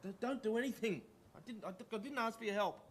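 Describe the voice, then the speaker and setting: Actor as a frightened paranoid man, high-pitched, fast, stammering, repeating himself. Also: slight background noise, close to an everyday voice. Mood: fearful.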